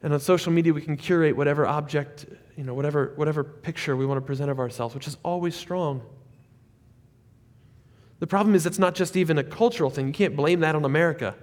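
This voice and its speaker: A man preaching from the pulpit, his slightly high voice swinging between loud, climbing peaks and hushed, close asides. His words ring out with a long reverb through a large church hall. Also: quick pace. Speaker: pastor. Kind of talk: sermon.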